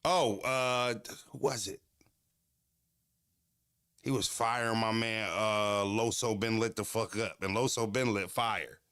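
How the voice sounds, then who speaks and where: A man casually telling stories in an animated, profane, slangy way. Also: on the low side, slow, long pauses, no echo, clean studio sound. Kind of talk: casual storytelling. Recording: music playing clearly behind.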